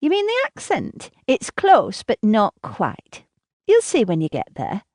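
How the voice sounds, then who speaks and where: A woman's voice: medium pitch, wildly swooping pitch, a little slow, a little mellow, no echo, clean studio sound, pitched above the performer's own voice. A woman voicing a chatty, petite middle-aged woman with a Northern English accent and a grating, nasal voice. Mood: chirpy, friendly.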